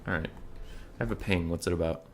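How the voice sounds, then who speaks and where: A young man with a slightly low voice calls a strategy game match in a loose, chatty way. He drifts between play-by-play and off-topic banter, swearing casually. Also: brisk, slight background noise. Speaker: game caster. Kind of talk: casual esports commentary.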